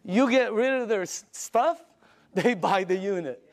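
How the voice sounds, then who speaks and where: A high-pitched older man gives an excited sales presentation. He tells anecdotes with emphatic punchlines and a pushy, storytelling energy. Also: measured pace.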